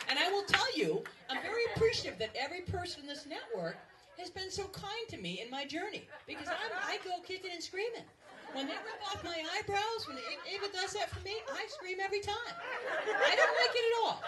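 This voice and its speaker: A woman's voice: very high-pitched, lively intonation, fairly quick. A woman in her fifties gives a joking farewell speech as the outgoing president and emcee. She mocks herself and uses a lot of fillers. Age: 50s. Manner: self-mocking and joking, with many fillers. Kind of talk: humorous farewell speech at an event. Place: large banquet room with a laughing audience. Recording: distant, noisy recording over a loud crowd.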